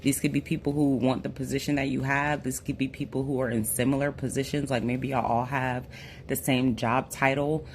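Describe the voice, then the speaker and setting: A tarot reader from the United States talks through a casual reading in a voice still hoarse from an illness. The delivery is loose and conversational, full of "um" and asides to "you guys". The voice sits at a middle pitch, with a faint hiss of noise underneath. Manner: chatty and relaxed, fills pauses with "um". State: hoarse, recovering from a lost voice.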